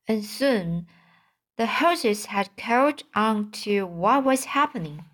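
A woman reading a children's novel aloud as an audiobook, careful and deliberate, now and then tripping and restarting a word. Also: medium pitch, animated. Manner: slow, careful reading with occasional slips and restarts. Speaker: audiobook reader. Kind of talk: storybook narration.

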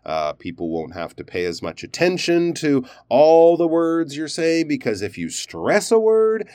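A man's voice: fairly high pitch, very animated, a little slow, a little mellow, clean tone, no echo, clean studio sound. A man teaching pronunciation, reviewing learners' recorded sentences and explaining stress and endings in an encouraging, explanatory way.

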